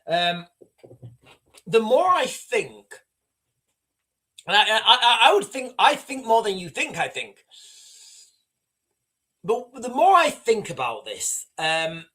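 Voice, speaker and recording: Rambling man, lively pitch. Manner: rambling, conversational, addresses viewers as guys. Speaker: livestream host. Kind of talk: live-streamed commentary reading chat.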